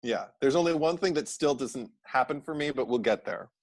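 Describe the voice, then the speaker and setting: A man co-hosting a podcast in casual chat, an animated storyteller who acts out quotes in high put-on voices, laughs often and swears. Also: a little fast, no room sound. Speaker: podcast co-host.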